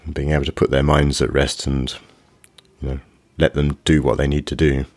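Very deep-voiced podcast interviewer. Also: little pitch movement, darkish tone, dry recording. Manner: measured, reflective, brief affirming murmurs. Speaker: podcast host.

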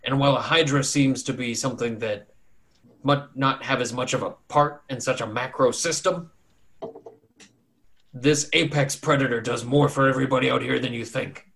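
A man doing a gruff bearded swamp warden. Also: mid-range voice, fairly even intonation, normal speed, a bit bright. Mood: earnest. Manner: standoffish, blunt, folksy.

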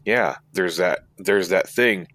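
A man's voice: sits low, slow, fairly bright tone. A man co-hosting a tabletop gaming podcast, talking loosely and rambling with many restarts. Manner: rambling, restarts, quotes imagined players. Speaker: podcast co-host. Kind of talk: casual chat.

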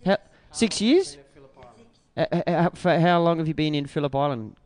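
An Australian man in a band, talking in a rambling, excitable way with many restarts in a casual interview. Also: a little high, normal speed. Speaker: band member.

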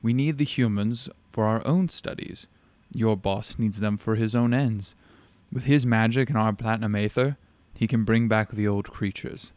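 A cold, tendriled alien being lays out its cruel plans in an even, unhurried way, as a man reading a story puts it on. The voice sits low, and the sound is close and dry, with no room around it. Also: no room sound, close to an everyday voice. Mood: calm menace. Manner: calm, matter-of-fact menace.

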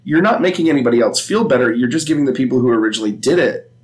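Man, casual podcast talk, mid pitch, rambling, jokey. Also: lively intonation, racing. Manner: rambling, filler-heavy, joking. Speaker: podcast co-host. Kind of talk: casual chat.

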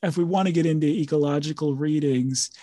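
A man's voice: fairly high pitch, a little fast, warm tone, dry recording, studio quality. A man hosting a podcast as a professor, explaining ideas in an enthusiastic, rambling, casual academic way.

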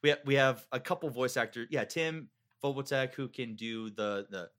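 A man's voice: medium pitch, normal speed, fairly bright tone. A man hosting a podcast, chatting casually in a rambling, profane way full of fillers. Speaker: podcast host. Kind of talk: casual chat.

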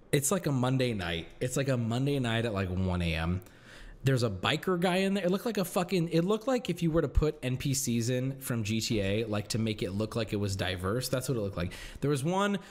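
A young man tells a rowdy story in casual chat, swearing and giggling as he goes. His voice sits fairly high and leaps around a lot. Faint music plays beneath him. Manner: animated, swears often, giggles, jumps into high-pitched shouts. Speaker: streamer. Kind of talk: casual storytelling while reacting to clips.

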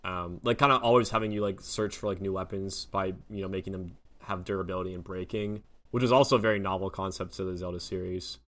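A man's voice: deep voice, fairly even intonation, fast, hardly any pauses, a bit bright. A man co-hosting a podcast, chatting casually and eagerly about games. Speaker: podcast co-host. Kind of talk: casual chat.

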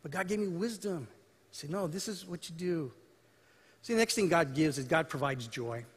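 A male pastor with a notably high voice preaches a sermon as if telling stories to friends, slipping into the voices of the people he describes. His voice rings out with a long reverb, as in a large hall. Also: expressive, moderate pace, breathy edge. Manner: conversational storytelling preaching, acting out dialogue.

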